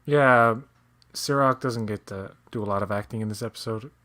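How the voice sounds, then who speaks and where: A man's voice: on the low side, moderate pace. A man, co-hosting a casual episode commentary in a rambling, jokey way. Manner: rambling, jokey, breaks into shouted movie impressions. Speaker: podcast co-host.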